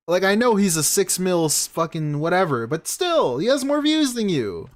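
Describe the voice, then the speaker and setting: A man's voice: high voice, very animated, moderate pace, hardly any pauses. A man streaming a reaction, ranting angrily and swearing at the clip he is watching. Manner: angry, swearing, mocking rants. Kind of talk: profane reaction commentary.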